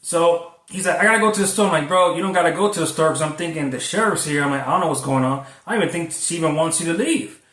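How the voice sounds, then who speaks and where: A man who drives food deliveries tells a story in a loose, rambling, profane way. His voice sits a little high. It comes across roomy and set back from the microphone. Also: fast, few pauses, fairly bright tone, far from the mic. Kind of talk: casual storytelling vlog. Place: Florida. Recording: echoey, from away from the mic.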